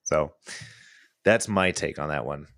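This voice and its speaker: A man's voice: rumbling low, measured pace, vocal fry, fairly bright tone, dry recording, studio quality. A man with a Chicago accent, co-hosting a podcast in casual chat, rambling and searching for words. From Illinois–Wisconsin border, US. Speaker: podcast co-host.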